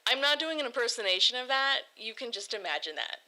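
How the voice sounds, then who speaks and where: A woman's voice: on the high side, animated, fast, sharp tone, low-quality recording. A woman hosting a casual livestream, reading viewer write-ins aloud in a bubbly, giggly, self-deprecating way. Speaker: livestream host. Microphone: desk microphone.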